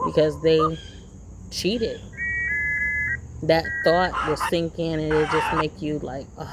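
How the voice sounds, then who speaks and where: A woman's voice: sits low, steady tone, takes it slowly, heavy background noise. A woman vlogger giving a rambling, preachy motivational talk, repeating her points as she goes. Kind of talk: casual motivational monologue.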